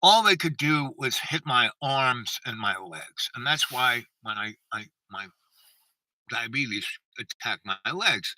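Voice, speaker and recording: A man's voice: medium pitch, expressive, slow pace, sharp tone, recorded from a distance, low-quality recording. A man telling a long personal story in a meandering, self-interrupting way and acting out the people he quotes. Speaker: channel host.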